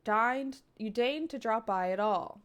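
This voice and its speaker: A woman's voice: on the high side, measured pace, fairly bright tone. A woman voicing a proud, defiant young male artist with curt, sarcastic retorts. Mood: resentful.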